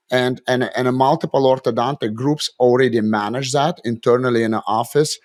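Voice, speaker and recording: A man from Azerbaijan, giving measured technical answers as an interview guest. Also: mid-range voice, steady tone, a little mellow. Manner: measured, technical explanations with short agreeing replies. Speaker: guest, dental lab chief executive.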